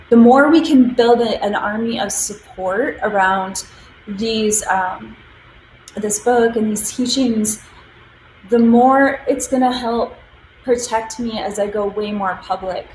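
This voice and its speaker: A woman's voice: on the high side, reverberant, slight background noise, rough recording. A woman hosting a spiritual livestream in casual talk, emotional and gushing, with many ums and likes.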